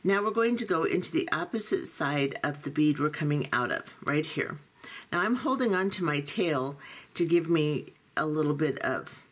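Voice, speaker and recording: Low-voiced woman teaching beadwork. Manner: calm, methodical, talks through each step. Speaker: beading instructor. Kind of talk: step-by-step tutorial.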